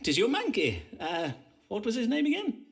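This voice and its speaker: A man's voice: very high voice, huge pitch swings, moderate pace, heavily acted. An actor playing a bumbling, theatrical male astrologer doctor in Elizabethan times, speaking in stagey old-fashioned English. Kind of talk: period game voice acting.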